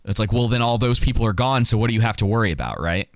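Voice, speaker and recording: A man's voice: on the low side, expressive, very fast, no room sound, studio quality. A man co-hosting a podcast, talking casually with frequent "like"s and restarts. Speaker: podcast co-host. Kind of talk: casual political chat.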